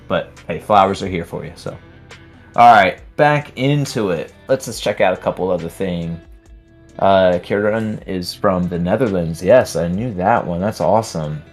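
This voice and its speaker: A man's voice: low-pitched, expressive, unhurried, faint music behind. A man hosting a live trading stream, chatting casually while reading viewer comments aloud and laughing often. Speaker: livestream host.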